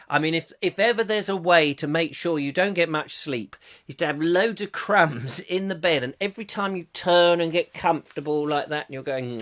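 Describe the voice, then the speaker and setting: Lively, bright-voiced comic host. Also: male voice, a little high, brisk, hardly any pauses. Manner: jokey and rambling, puts on silly voices. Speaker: comic chat show host. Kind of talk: live-stream chat reading viewer comments.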